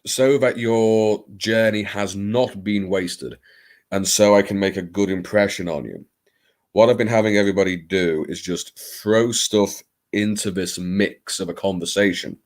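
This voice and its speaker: A man's voice: sits low, darkish tone. A man hosting a casual late-night live stream, chatting in a rambling, playful, self-mocking way.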